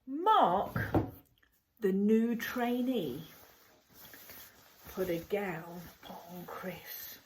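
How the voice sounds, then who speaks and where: A woman reading a story aloud to a group, saying each phrase slowly and repeating it, often in a whisper, and playing up the characters' lines. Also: lively intonation, a little hiss or hum, poor audio. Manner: plays up the characters' lines with big jumps in pitch and loudness.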